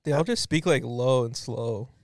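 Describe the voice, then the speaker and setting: A man's voice: medium pitch, normal speed, a little mellow, dry recording, clean studio sound. A man in casual podcast chat, laid-back and joking.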